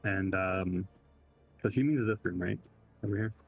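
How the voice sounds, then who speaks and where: A man playing a tabletop game who describes his character's actions haltingly, with many fillers. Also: sits low, breathy edge, soft background music. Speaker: player. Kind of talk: casual tabletop play, third person for his character. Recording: tinny phone-like line.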